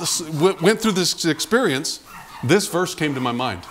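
A man's voice: a little high, normal speed, a little hiss or hum. A man preaching a sermon, telling a personal story from his past and acting out the people in it. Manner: animated storyteller, acts out quotes. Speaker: pastor.

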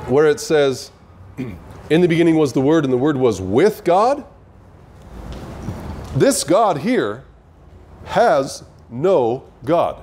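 Guy teaching bible verses, kinda high voice, asks questions a lot, faint noise behind. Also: darkish tone. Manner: earnest, asks listeners questions.

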